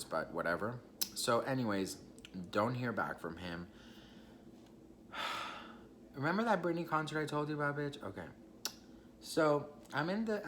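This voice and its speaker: A man's voice: mid-range voice, a bit bright, slight background noise. A young man telling a personal story in a casual, chatty vlog, swearing freely and talking straight to his viewers. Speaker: vlogger.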